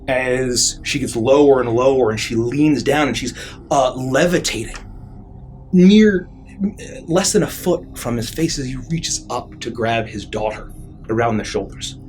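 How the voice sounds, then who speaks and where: A man's voice: mid-range voice, unhurried, a little mellow, soft background music. A man narrating as dungeon master, describing scenes vividly with frequent fillers. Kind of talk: narrating a tabletop game.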